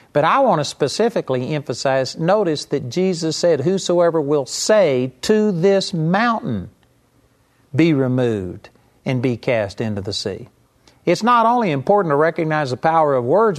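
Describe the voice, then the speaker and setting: A male preacher delivers a sermon in a somewhat high voice. He talks emphatically and slows down sharply whenever he quotes scripture, stressing each word.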